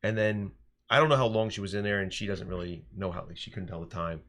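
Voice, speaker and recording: A man in his thirties, a teacher co-hosting a casual podcast, telling stories in an animated way with frequent restarts. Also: lowish voice, fast talker.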